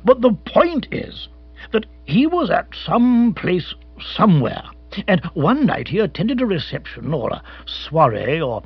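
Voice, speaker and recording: A boisterous old colonial hunter, all exclamations and rambling anecdotes, as a man puts him on. The voice sits high and bounces about with a husky edge. It comes through a dull, lo-fi storybook recording. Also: big pitch swings, a little slow, dry recording, exaggerated voice. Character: blustering older male colonial big-game hunter.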